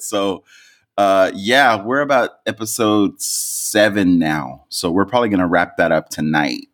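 A man's voice: lowish voice, measured pace, fairly bright tone. A man co-hosting a podcast, chatting casually with a rambling, self-correcting way of talking full of fillers. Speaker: podcast co-host. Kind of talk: casual chat.

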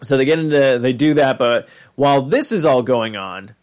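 A man's voice: mid-range voice, normal speed. Chatty man rambling through a cartoon recap. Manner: rambling, chatty, full of fillers and acted-out quotes. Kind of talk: casual episode recap.

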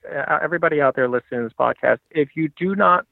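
Gravelly man on a tinny phone line. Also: fairly high pitch, fast talker, no echo. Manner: earnest, reflective, with frequent restarts. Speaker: podcast guest. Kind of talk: casual podcast storytelling.

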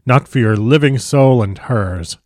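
A man's voice: mid-range voice, unhurried, darkish tone, no room sound, clean studio sound, close to an everyday voice. A man voicing a stern elderly doctor in an audiobook, grave, clipped and solemn. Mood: fierce. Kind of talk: audiobook character voice.

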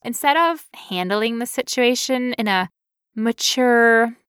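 A woman co-hosting a podcast, telling a story in casual chat with animated, playful quoted voices. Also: on the high side, slow pace, clean tone, dry recording, clean studio sound. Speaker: podcast co-host.

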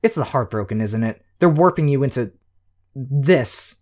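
A man voicing a smug, sharp-tongued young woman who talks in quick, know-it-all quips. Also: mid-range voice, lively intonation, voice pushed up, lightly acted.

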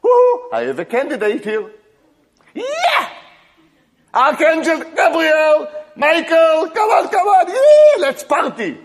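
A male preacher acting out God the Father as a jubilant figure who whoops, shouts and calls on archangels to celebrate. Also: very high-pitched, wildly swooping pitch, takes it slowly, pitched above the performer's own voice, full character voice.

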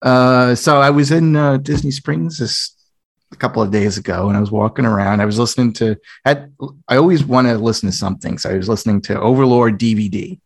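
A man's voice: medium pitch, a little fast, creaky, no echo, studio quality. A man co-hosting a casual film podcast, opinionated and rambling. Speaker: podcast co-host. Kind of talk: casual chat about films.

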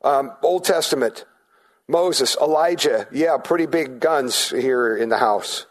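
A man's voice: mid-range voice, slow. Conversational male pastor preaching. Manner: conversational, asks the congregation questions; restarts and stammers often. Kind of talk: sermon.

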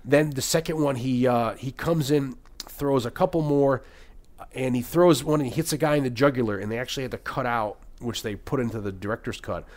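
A man in casual podcast chat, talking through film scenes at a middle pitch. He gets animated as he retells the action, jumping into quick bits of dialogue. The delivery is loose and conversational. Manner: animated retelling, acting out lines with loud bursts and laughs. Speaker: podcast co-host.

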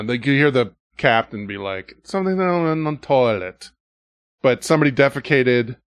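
A man's voice: mid-range voice, no echo, clean studio sound. A man hosting a podcast, telling stories in a casual, profane way and acting out other people's lines. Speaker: podcast host. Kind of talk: casual storytelling chat.

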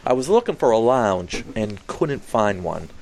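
A man's voice: on the low side, measured pace, a little hiss or hum. A man co-hosting a podcast, telling a casual story and acting out the people he quotes. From Boston. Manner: animated, acts out quoted voices. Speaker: podcast co-host.

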